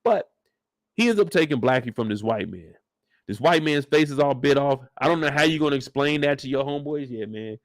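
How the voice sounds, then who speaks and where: A man's voice: medium pitch, animated, brisk, no echo, studio quality. A man giving a casual, joking, profane breakdown of a TV episode. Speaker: show recap host.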